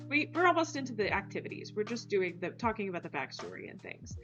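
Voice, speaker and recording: A woman's voice: a little high, big pitch swings, moderate pace. A woman hosting a casual livestream, rambling through a personal story with lots of "like" fillers. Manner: chatty, rambling, many "like" fillers; talks to her dog and chat viewers. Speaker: livestream host. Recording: slightly muffled stream audio, faint music.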